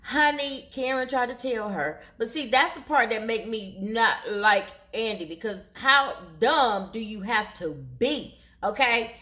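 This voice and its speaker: A woman hosting a casual TV episode recap, telling the story in an animated way and acting out the characters' lines. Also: a little high, unhurried, few pauses. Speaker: recap show host.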